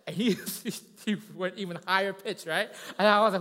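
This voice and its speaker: A man preaches in a church, telling a story with animated, conversational energy and a running "right?" to his listeners. His voice sits a little high for a man. The sound carries the long reverb of a large hall. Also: brisk, hardly any pauses. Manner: animated, conversational, asks many tag questions. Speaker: pastor. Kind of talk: sermon with a told story.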